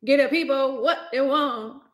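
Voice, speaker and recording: A woman's voice: high-pitched, a little slow. A young woman hosting a casual livestream, chatty and exclaiming, often laughing, talking into a laptop microphone. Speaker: livestream host.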